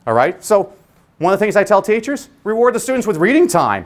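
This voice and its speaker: Animated, joking man giving a keynote. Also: sits high, brisk. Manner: animated, humorous, punchy. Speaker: keynote speaker. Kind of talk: motivational conference keynote. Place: conference venue before a live audience.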